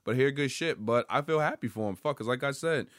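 Man, podcast host, casual commentary, profane, rambling, excitable, dry close sound. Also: mid-range voice, fast talker, dry recording. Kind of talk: casual pop-culture commentary.

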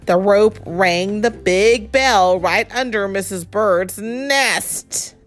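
A woman reading a picture book aloud to a child in a playful, expressive storytelling voice. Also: medium pitch, takes it slowly, soft background music. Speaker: reader.

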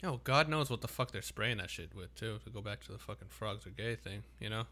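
A man's voice: on the low side, expressive, a little fast, bright, forceful tone. A man co-hosting a podcast in casual chat, rambling and swearing a lot. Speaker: podcast co-host.

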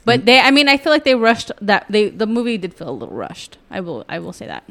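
A woman talks over a film with her partner, teasing him and chatting freely, often restarting her sentences. Her voice sits at a middle pitch for a woman. It is a loose, casual podcast talk. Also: big pitch swings, quick pace, vocal fry, a bit bright. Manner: teasing and talkative, with many restarts. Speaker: podcast co-host. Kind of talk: casual movie review chat.

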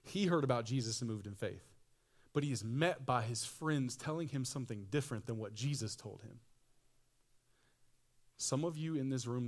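A young man preaching a sermon as pastor, telling stories in a casual, slangy way, his voice jumping high for excited quoted people and dropping low and quiet at solemn moments.

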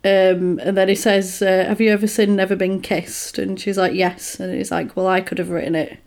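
A woman in casual conversation, telling a film's story with lively swings in her voice as she acts out each character's lines. Her pitch sits in a middling range. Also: normal speed, creaky. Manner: animated storytelling, acting out quoted lines. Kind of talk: casual chat retelling a film plot.

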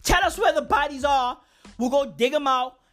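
A woman's voice: sits high, normal speed, a bit bright, faint music behind. A woman on a comic rant, slangy and profane, repeating lines for effect. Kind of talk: comedic rant.

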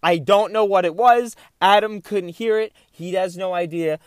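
A young man hosts his own podcast, telling a long story in a loose, animated way. He interrupts himself and goes off on tangents. His voice sits a little high, and the close mic gives a dry sound with no room. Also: moderate pace, dry recording. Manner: animated, rambling, self-interrupting. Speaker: podcast host. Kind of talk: casual solo storytelling.

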